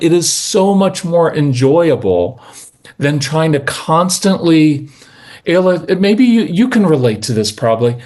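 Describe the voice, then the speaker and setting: A middle-aged man in a conversational interview as a parenting guest, telling earnest stories and slowing down to stress key points. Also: fairly high pitch, a little mellow. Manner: earnest, storytelling, slows down for emphasis.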